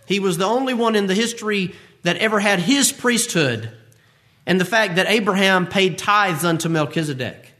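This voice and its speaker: A man's voice: sits high, normal speed, sharp tone. A man preaching a sermon, emphatic and repeating phrases for effect.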